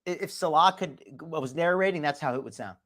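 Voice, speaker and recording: Slightly high-pitched and fairly quick, this bright-toned man runs a casual live stream, greeting chat members by name. His commentary is full of restarts and sarcasm.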